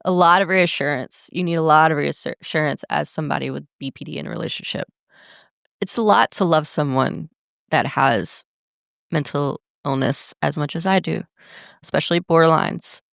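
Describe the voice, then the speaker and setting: Low, gravelly-voiced woman podcaster. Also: moderate pace, fairly bright tone, dry recording, studio quality. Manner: candid, blunt, swears freely. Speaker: podcast host. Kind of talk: casual podcast monologue.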